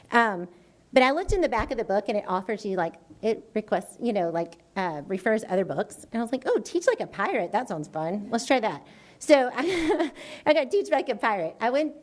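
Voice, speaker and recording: A woman educator telling an animated story in a presentation to a school board, acting out her own quoted reactions. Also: mid-range voice. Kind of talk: enthusiastic public presentation. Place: school board meeting room.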